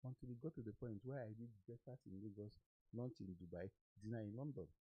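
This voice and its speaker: A man with a Nigerian accent, hosting a podcast and telling lively anecdotes, acting out the people he quotes. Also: lowish voice, fast talker, slightly rough, dry recording, lo-fi sound. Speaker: podcast host. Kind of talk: casual storytelling chat.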